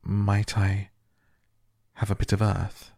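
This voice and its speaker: A man's voice: sits low, little pitch movement, a little slow, darkish tone, dry recording. A man reading the part of a timid little girl who pleads and stammers. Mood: eager. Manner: hesitant, stammering pleas.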